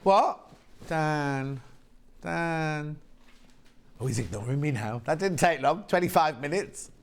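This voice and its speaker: A man's voice: on the high side, animated, slow, vocal fry. A man presenting on a live TV shopping channel in a chatty, camp manner, with a British accent, reading out viewer messages between product details. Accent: British English. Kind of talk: live TV sales chat. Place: TV studio.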